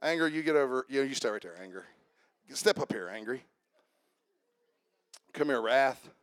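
A man preaching a sermon as pastor, lively and interactive, calling on his congregation to answer and come up front. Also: mid-range voice, moderate pace, no echo, studio quality. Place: church.

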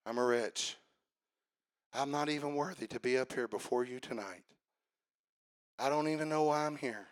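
A man's voice: mid-range voice, normal speed, long pauses, voice pushed down, lightly acted. A man doing a meek self-abasing preacher.

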